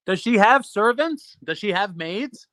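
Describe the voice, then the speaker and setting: A man joining a live video chat as a guest, tossing in quick wry remarks. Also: high voice, lively intonation, bright, forceful tone, no echo. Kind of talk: casual live-stream chat.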